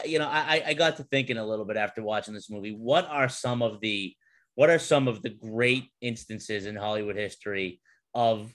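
A young adult man hosting a podcast in casual chat, animated and swearing, laughing between his points. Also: mid-range voice. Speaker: podcast host.

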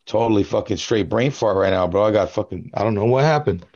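A man's voice: on the low side, fast talker, highs cut off, a crowd in the background. A young man co-hosting a podcast, telling stories in a laid-back, profane casual chat. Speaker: podcast co-host.

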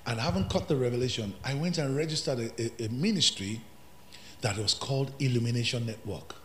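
A man preaching a sermon as pastor, swinging from hushed asides to shouted climaxes. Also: mid-range voice, brisk, reverberant, slight background noise.

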